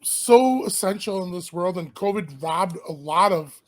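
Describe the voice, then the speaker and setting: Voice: mid-range voice, lively intonation, measured pace. A livestream host in a casual interview chat, talking in a loose, rambling and informal way with frequent restarts.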